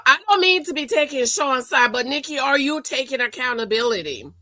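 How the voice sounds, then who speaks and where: A woman hosting a reality TV recap, talking in a sassy, animated way and calling out the people she reviews. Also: high-pitched, fairly quick, hardly any pauses, no echo. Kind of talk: casual commentary.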